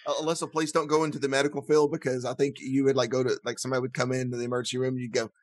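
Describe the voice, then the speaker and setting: This is a young man, talking on a podcast through a video call. He is animated and jokes as he tells stories. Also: medium pitch, very fast, no room sound. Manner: animated, jokey storyteller. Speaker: podcast co-host. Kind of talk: casual chat.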